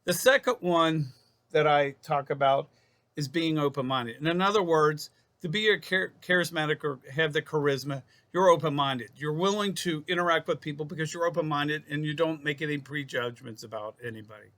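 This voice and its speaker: A man with a fairly high, bright voice talks to his viewers like a psychologist giving self-help advice. He rambles and loops back over his phrases, restarts words, and calls the audience folks. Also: normal speed. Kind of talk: casual self-help talk to camera.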